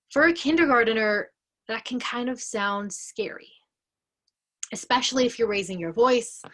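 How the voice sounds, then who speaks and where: A woman educator giving an explanatory lesson in a slow, deliberate, clearly paced way. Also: fairly high pitch, fairly bright tone.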